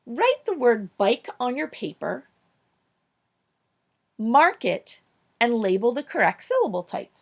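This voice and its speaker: A woman leads a recorded phonics lesson for young children. She sounds upbeat and encouraging, praising often and slowing down to stress each example word clearly. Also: fairly high pitch, big pitch swings. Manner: upbeat, encouraging, slow clear emphasis on words. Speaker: teacher.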